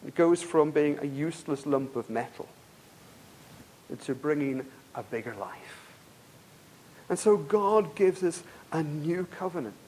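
A man preaching a sermon, emphatic and repetitive, asking the congregation rhetorical questions and swinging between loud stresses and quiet passages. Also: high voice.

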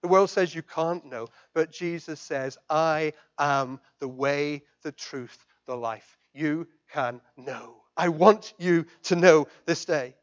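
A man preaching a sermon as pastor, swinging from loud emphatic declarations down to soft, quiet questions. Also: a little high, takes it slowly, hardly any pauses, lo-fi sound. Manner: impassioned, rising to loud emphatic declarations then dropping soft.

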